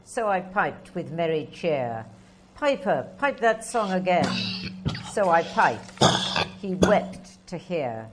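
A woman reads poetry aloud in a slow, measured way. Her voice sits low, and she lets each line settle before the next. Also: very animated, soft background music. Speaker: poetry reader. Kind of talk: poetry reading.

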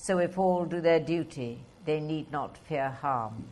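A woman reading poems aloud in a measured recitation. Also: low voice, a little mellow. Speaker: poetry reader. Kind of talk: poetry reading.

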